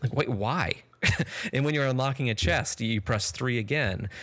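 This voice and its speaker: A man's voice: mid-range voice, normal speed, fairly bright tone. A man co-hosting a podcast, casually and wryly complaining about a video game and laughing often. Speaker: podcast co-host.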